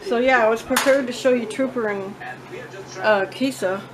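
A woman's voice: on the high side, moderate pace, crowd noise. Chatty blunt woman vlogging at home. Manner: chatty, animated, blunt and swearing. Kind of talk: casual story-time vlog. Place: at home with her cats. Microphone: own phone or camera, self-filmed.

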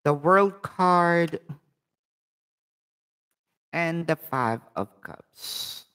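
Filipino-accented male tarot host: unhurried, animated, direct and chatty with the live audience. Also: on the high side, clean tone. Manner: chatty and direct, addressing viewers. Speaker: tarot reader and channel host. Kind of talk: live-streamed tarot reading, casual talk to viewers.

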